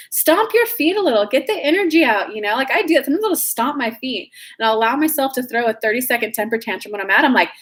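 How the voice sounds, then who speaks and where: A woman's voice: fairly high pitch, animated, fast talker, hardly any pauses, fairly bright tone. A woman coaching live-stream viewers in a casual, chatty way, greeting them by name and swearing freely.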